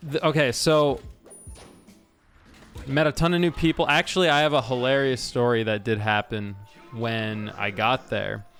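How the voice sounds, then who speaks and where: A man's voice: medium pitch, a bit bright. A man chatting casually on a game stream, telling a long story with many restarts and fillers. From Washington state. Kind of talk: casual stream chat while gaming. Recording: faint music underneath.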